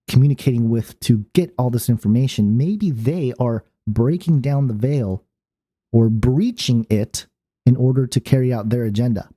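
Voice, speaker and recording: Mellow-voiced man rambling on his channel. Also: medium pitch. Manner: rambling, many fillers and restarts. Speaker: channel host. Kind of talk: casual monologue.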